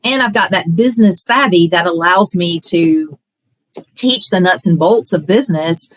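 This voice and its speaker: A woman's voice: fairly low pitch, normal speed, low-quality recording. A woman coach in a podcast conversation, earnest and talking in long, flowing run-on sentences.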